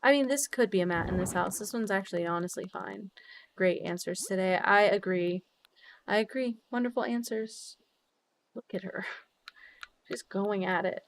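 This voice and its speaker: Young woman streamer, middle pitch, bubbly and loose-mouthed, chatty game-stream delivery with sudden squeals. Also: normal speed. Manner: bubbly, swears freely, laughs often, big jumps in pitch. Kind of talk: casual livestream chat while gaming.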